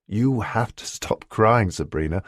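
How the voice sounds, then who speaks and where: Guy doing a playful lovestruck gentleman, deep voice, close dry mic. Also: lively intonation, unhurried, dry recording. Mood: tender.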